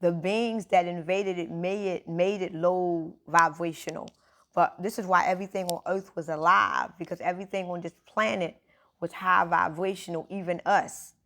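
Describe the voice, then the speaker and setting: A woman's voice: lowish voice, fairly bright tone, slight background noise. A woman giving a casual spiritual talk, informal and emphatic, speaking straight to her listeners.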